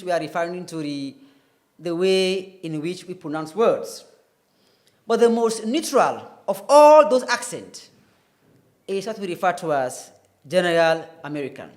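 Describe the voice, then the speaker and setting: A man teaching a televised English lesson, explaining carefully and spelling words out letter by letter. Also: high-pitched. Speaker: English tutor.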